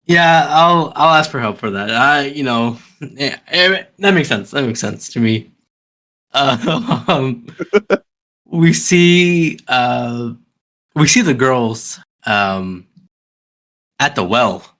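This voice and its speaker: Male podcast co-host, bright tone, halting recap style. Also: mid-range voice, animated. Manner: loose, hesitant recapping with many fillers. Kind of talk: casual movie recap chat.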